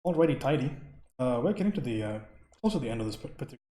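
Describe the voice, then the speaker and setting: A man's voice: mid-range voice, sing-song, racing, warm tone, reverberant. A man from India chatting casually with his stream viewers while painting. He rambles, laughs often and answers questions from chat.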